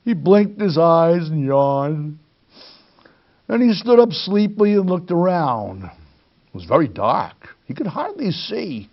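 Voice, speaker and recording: Male storytime reader, slow and expressive, gravelly, dull lo-fi recording. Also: a little high. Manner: expressive, addresses young listeners. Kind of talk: children's read-aloud.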